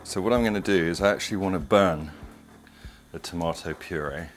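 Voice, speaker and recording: Chatty deep-voiced man cooking. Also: fairly quick, faint music behind. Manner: chatty, digressive, enthusiastic. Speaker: cooking show host. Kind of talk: casual cooking demonstration. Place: home kitchen.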